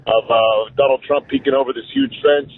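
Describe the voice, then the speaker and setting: A man's voice: medium pitch, steady tone, moderate pace. A man calling into a radio show, crude and rambling with many fillers. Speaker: caller. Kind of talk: casual phone-in talk. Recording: dull phone line.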